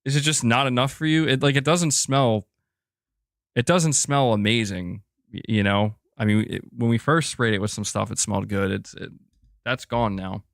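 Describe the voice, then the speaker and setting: A man's voice: medium pitch, normal speed, creaky, a bit bright, no echo. Young guy streaming, joking around with his cat and reading chats, super dry mic. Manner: playful, talks to his cat and reads viewer chats. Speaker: gaming news streamer. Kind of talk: casual livestream chat.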